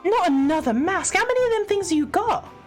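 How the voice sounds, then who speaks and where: Lively young Yorkshire lass sidekick, read by a woman, very high and bouncy, game dub feel. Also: fairly quick, soft background music. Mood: excited. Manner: excitable, blunt northern slang. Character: bubbly young female assistant.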